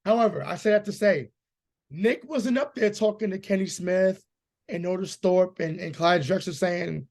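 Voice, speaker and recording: A hoarse man co-hosting a casual sports podcast, talking emphatically with lots of swearing and stammered repeats. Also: sits high, moderate pace, darkish tone. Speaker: podcast co-host.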